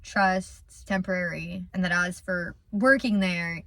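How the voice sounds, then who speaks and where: A woman's voice: fairly low pitch, a little slow, no room sound. Chatty young woman telling a storytime. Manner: animated, rambling, repeats words when thinking. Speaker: small business owner. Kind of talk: casual storytime chat.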